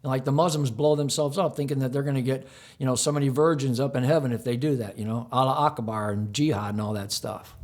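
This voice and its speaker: A man's voice: medium pitch, steady tone, fast, a little mellow. A man who produces and hosts community television shows, answering interview questions emphatically and rattling off long lists. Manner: mocking rhetorical outbursts.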